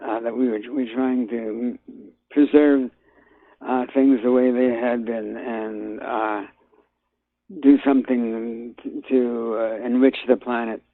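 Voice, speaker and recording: Older man, gravelly voice on a phone line. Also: medium pitch, flat delivery. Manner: halting, many fillers and restarts. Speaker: guest actor. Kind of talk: phone interview.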